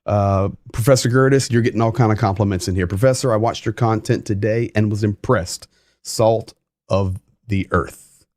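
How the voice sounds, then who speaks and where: A man's voice: on the low side, fairly even intonation, moderate pace, darkish tone. A man hosting a casual livestream, chatting and reading viewer comments aloud with emphasis. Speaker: livestream host.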